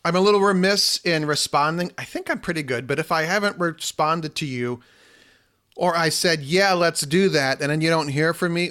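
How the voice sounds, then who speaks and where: A man's voice: on the high side, bright, forceful tone, clear, resonant tone. A man hosting a solo podcast in casual, chatty talk, self-deprecating and full of ums, speaking into a microphone at his desk. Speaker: podcast host. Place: home desk with computer. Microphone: studio microphone.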